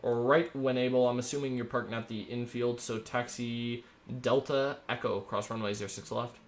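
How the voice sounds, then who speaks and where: A man streaming himself as an air traffic controller. He talks in an upbeat, rambling way between crisp radio calls. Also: mid-range voice, steady tone, normal speed. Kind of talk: live-stream commentary mixed with radio phraseology.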